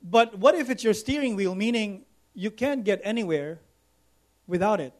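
A man's voice: sits high, normal speed. A man preaching a sermon, repeating phrases for emphasis and calling for responses from the congregation. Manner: preaching with rising emphatic repetition. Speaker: pastor.

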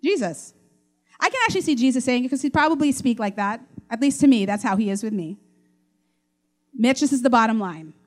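A woman pastor preaching a sermon in an animated way, acting out quoted voices. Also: high-pitched.

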